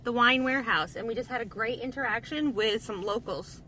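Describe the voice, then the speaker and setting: A woman's voice: on the high side, a little fast, sharp tone, slight background noise. A woman hosting a casual road trip podcast, talking animatedly and laughing often from inside a moving car. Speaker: podcast host.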